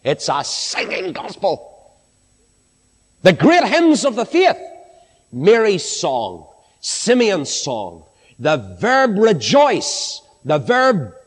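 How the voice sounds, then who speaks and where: Lively preaching man in a reverberant hall. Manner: animated, swinging from high exclamations to low hushed lines. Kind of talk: sermon.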